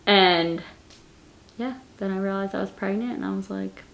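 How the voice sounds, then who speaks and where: A woman's voice: mid-range voice, moderate pace, creaky. A woman in her late twenties, chatting casually in a Q&A vlog, rambling and repeating words, with lots of "like" as she answers viewers. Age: late 20s. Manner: answers viewer questions straight to camera. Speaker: vlogger.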